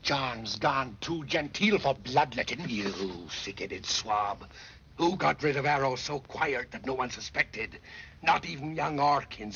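An actor playing a scheming male pirate cook with a West Country accent and a growling, drawn-out drawl, from an old film soundtrack. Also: medium pitch, a bit bright. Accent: West Country English. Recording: dull old film soundtrack, faint noise.

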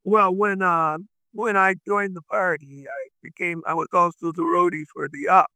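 An older man rambling through memories in a casual interview, halting with fillers. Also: high voice, steady tone, bright, forceful tone, smooth, no echo, low-quality recording. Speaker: interviewee recalling the past. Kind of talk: casual storytelling.

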